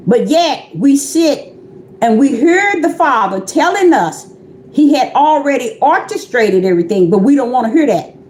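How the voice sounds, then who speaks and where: In a reverberant space, a woman who calls herself a prophetess preaches informally over livestream, repeating herself and speaking right to her listeners in a conversational way. Her voice is high-pitched and sing-song with a darkish tone, at a moderate pace.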